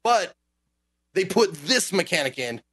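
A man who streams games rants in animated fashion during a casual podcast chat, swearing often. His voice is high-pitched and a little slow, and the recording sounds dry.

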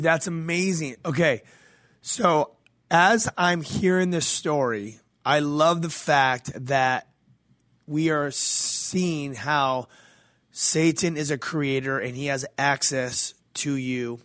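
A man's voice: medium pitch, steady tone, takes it slowly, fairly bright tone, no room sound, studio quality. A man hosting a podcast interview, responding with enthusiasm and reflecting in a preaching way. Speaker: podcast host. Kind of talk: casual interview commentary.

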